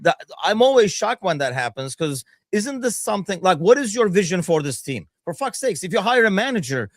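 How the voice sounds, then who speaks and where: A man co-hosting a casual football chat, expressive, laughing and swearing casually. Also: high voice, fairly quick, dry recording, studio quality. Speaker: podcast co-host.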